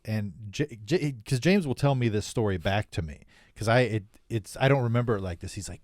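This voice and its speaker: A man's voice: on the low side, moderate pace, darkish tone, no echo, studio quality. A man co-hosting a podcast, telling a story in casual chat, rambling and hesitant, often restarting his sentences. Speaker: podcast co-host.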